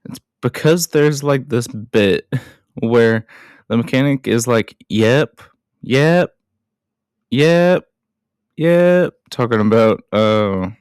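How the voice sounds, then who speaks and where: A man's voice: on the low side, clear, resonant tone, dry recording, clean studio sound. A young adult man hosting a show, chatting through a movie recap in a rambling way with casual swearing. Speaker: podcast host.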